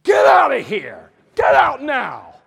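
A man acting out an angry army sergeant who barks and shouts orders at his troops. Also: extremely high pitch, huge pitch swings, slow, creaky, in a large hall, voice pushed up, full character voice. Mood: yelling, enraged. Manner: barking orders, yelling.

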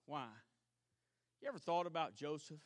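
A man with a Southern US accent preaches a sermon in a bright, forceful voice that sits a little high for a man. He swings from shouting at the congregation to quiet storytelling. The sound is dry and close. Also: moderate pace, no room sound. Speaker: pastor. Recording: archived church service.

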